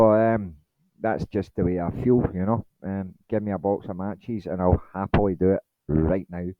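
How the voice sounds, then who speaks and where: Rambling man, low dull voice. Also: no room sound. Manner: rambling, blunt, swearing, filler-heavy. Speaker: channel host. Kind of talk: rambling late-night monologue.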